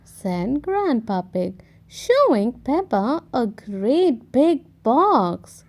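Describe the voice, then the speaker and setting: A woman reading a children's picture book aloud in an expressive, gently paced way. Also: fairly high pitch, extremely slow. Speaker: storytime reader. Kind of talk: children's read-aloud narration.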